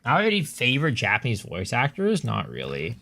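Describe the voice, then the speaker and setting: A man's voice: medium pitch, huge pitch swings, brisk, vocal fry, sharp tone. A man streaming a game, chatting casually with his viewers and giving loose, blunt opinions, with some swearing. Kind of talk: casual livestream chat while gaming.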